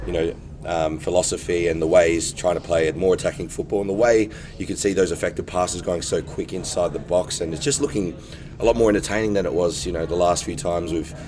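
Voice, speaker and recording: A hoarse man, a friendly, enthusiastic fan talking in a live interview. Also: deep voice, fairly even intonation, a little fast, a little mellow. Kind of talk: casual chat in a live interview. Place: fan gathering.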